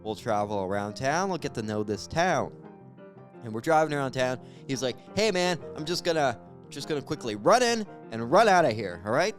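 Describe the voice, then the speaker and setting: A young man improvising a stand-up story, jumping between voices for each character. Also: medium pitch. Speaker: stand-up comedian.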